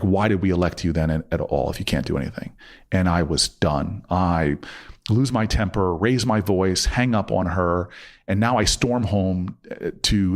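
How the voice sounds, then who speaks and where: A man in his forties telling a personal story in a casual interview, acting out both sides of the argument. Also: deep voice. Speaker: podcast guest.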